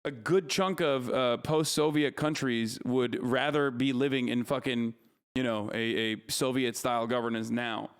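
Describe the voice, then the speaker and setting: A man's voice: mid-range voice, fairly even intonation, unhurried, clean tone. A man streaming live, ranting heatedly about politics, cursing freely and answering his chat. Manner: heated, profane, argumentative. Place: streaming studio.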